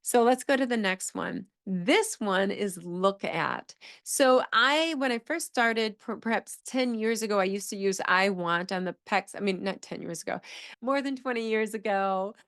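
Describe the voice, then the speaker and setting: A woman's voice: mid-range voice, a little slow, fairly bright tone. Middle-aged lady therapist teaching, upbeat and explaining stuff, hams up example phrases. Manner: enthusiastic, explanatory, demonstrates phrases with exaggerated intonation. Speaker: speech-language pathologist. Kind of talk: teaching monologue.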